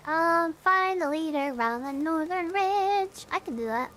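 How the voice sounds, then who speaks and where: Goofy high-voiced vtuber woman. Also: animated, unhurried, fairly bright tone, a little hiss or hum. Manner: goofy and self-mocking, hums and sings along while playing. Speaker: vtuber streamer. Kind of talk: casual gaming stream chat.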